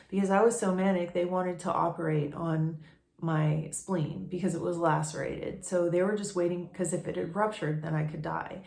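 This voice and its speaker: A tearful woman speaks to her camera in a confessional vlog, her voice edged with gravelly fry. She talks in halting bursts, restarting her sentences as she works through painful feelings. The room around her rings with noticeable echo. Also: on the low side, fairly even intonation, mellow. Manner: halting, with many restarts and fillers. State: tearful, emotional; raw nose from allergies. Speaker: vlogger.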